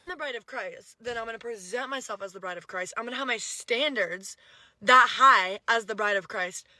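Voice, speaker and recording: A woman in an online video, talking emphatically and preachily in a quick, rushed rush of words. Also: fairly high pitch, sharp tone, no echo. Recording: noisy clip with clicks.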